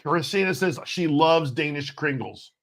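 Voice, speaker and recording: A man's voice: on the high side, unhurried, fairly bright tone. A man co-hosting a casual livestream, joking and folksy as he talks with the viewers. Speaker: livestream co-host.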